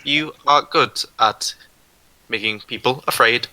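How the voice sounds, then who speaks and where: A man at a tabletop game who speaks in polite, formal phrases in character. His voice is very bright and sharp, recorded dry and close. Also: medium pitch, slow pace, no echo, poor audio. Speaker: player.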